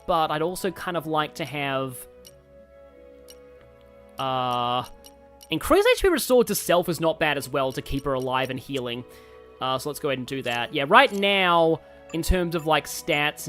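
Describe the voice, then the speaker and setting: Lively man rambling over game music. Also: fairly high pitch. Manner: rambling, thinking aloud with many fillers. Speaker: streamer. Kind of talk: casual game commentary. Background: faint game music.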